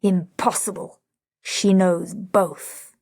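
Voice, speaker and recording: A woman's voice: medium pitch, flat delivery, slow pace, a little mellow, dry recording, studio quality. A woman reading an audiobook, voicing a boastful man who speaks in grand, self-assured declarations. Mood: pompous. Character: pompous Hungarian man, boastful self-styled expert.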